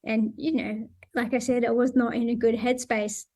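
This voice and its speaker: A woman's voice: fairly high pitch, little pitch movement, normal speed, warm tone. A middle-aged Australian woman talking candidly as an interview guest, laughing now and then. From Sydney, Australia. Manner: candid, laughs while recounting. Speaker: guest, para-surfer. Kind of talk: casual interview conversation.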